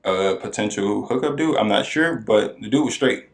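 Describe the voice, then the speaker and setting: A man co-hosting a podcast, telling a story in casual chat and acting out the people in it. His voice cracks high now and then. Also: moderate pace, echoey room. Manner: animated storyteller who acts out quoted voices. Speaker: podcast co-host.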